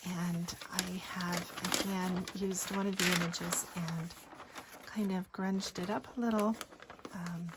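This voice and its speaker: A woman narrating a craft journal flip-through in a gentle voice that often drops into a breathy whisper. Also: on the low side, flat delivery, unhurried. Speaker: craft designer showing a journal. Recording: faint background noise.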